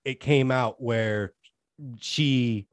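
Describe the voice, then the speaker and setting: A man co-hosts a casual podcast, speaking at an ordinary middle pitch in long, earnest runs of thought that wander and trail off. His voice sounds dry and close, with little room around it. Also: steady tone, extremely slow, smooth, dry recording. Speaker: podcast co-host. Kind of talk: casual chat.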